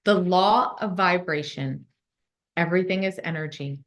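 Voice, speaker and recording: Slow-talking woman, kinda low voice, calm motivational speaker guiding a meditation in a conference room. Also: vocal fry. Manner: warm, slow and soothing when guiding the meditation. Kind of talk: motivational talk and guided visualization. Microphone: phone.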